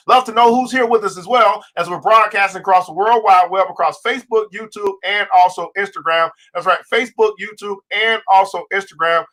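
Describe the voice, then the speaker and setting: A male livestream host with a high, bright, forceful voice. He talks straight to his viewers in a fired-up, preacher-like way, drawing out the words he wants to land. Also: a little fast, hardly any pauses. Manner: fired-up preacher-like delivery, stretching key words; talks straight to viewers, greeting them by name. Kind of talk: livestream finance show.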